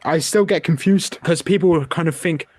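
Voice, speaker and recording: A man's voice: a little high, normal speed, darkish tone, no room sound. A young man hosting a casual film review podcast, opinionated and chatty. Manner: opinionated, chatty with filler words. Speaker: podcast host.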